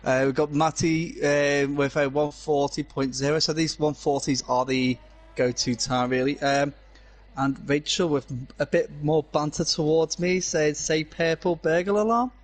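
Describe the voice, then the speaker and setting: A man with a Scouse accent, co-commentating a sim race in a quick, bantering way and reading out viewer chat. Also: on the high side, flat delivery. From Wirral, North West England. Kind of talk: casual live sim-racing commentary.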